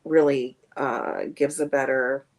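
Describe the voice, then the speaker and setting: A woman's voice: rumbling low, steady tone, takes it slowly. A woman comedian chatting as a guest on a streamed video call, rambling with many fillers. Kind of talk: casual interview chat.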